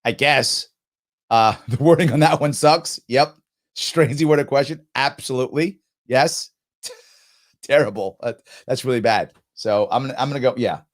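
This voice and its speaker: A middle-aged man hosting a live stream, thinking out loud as he answers quiz questions, often stopping to rephrase himself with a laugh. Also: medium pitch, moderate pace. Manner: musing aloud, frequent self-interruptions and laughs. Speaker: show host.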